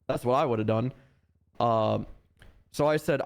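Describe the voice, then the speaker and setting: A man's voice: medium pitch, a little slow, vocal fry. Exasperated, swearing man telling a story. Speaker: roleplay deputy recounting an incident. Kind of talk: in-character roleplay conversation.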